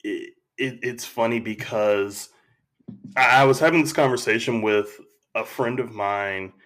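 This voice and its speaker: A man talking as a podcast guest, telling stories in a slow, reflective way and acting out quotes. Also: mid-range voice, fairly bright tone. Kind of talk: casual conversation.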